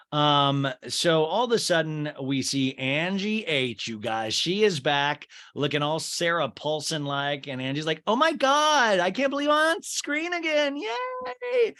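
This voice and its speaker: A man's voice: medium pitch, fairly bright tone. A man hosting a podcast, recapping a reality show in a chatty, sarcastic way and talking to listeners as "you guys". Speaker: podcast host. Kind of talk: casual recap commentary.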